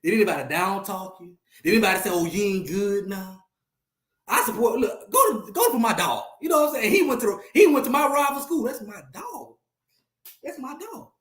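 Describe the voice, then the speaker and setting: A man's voice: very high-pitched, sing-song, fairly quick, fairly bright tone, roomy sound. A man hosting a casual livestream chat, talking animatedly and repeating himself as he addresses viewers. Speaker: host.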